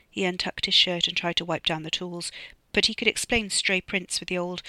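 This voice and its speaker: An author reading their own novella aloud as audiobook narration, measured and steady. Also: medium pitch, dry recording.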